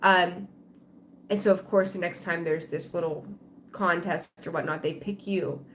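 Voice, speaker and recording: A woman's voice: lowish voice, fairly even intonation, unhurried, slight background noise. A woman giving a live-streamed tarot reading, rambling conversationally and talking straight to her viewers. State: tired, yawning. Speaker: tarot reader.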